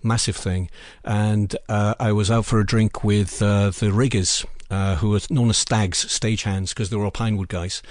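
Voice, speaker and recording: A man's voice: lowish voice, fairly even intonation, normal speed, few pauses, darkish tone, no room sound, studio quality. A man who works as a film assistant director and lecturer, a podcast guest telling work anecdotes in an emphatic way and repeating himself for weight. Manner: storytelling, emphatic repetition. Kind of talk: anecdotal interview talk.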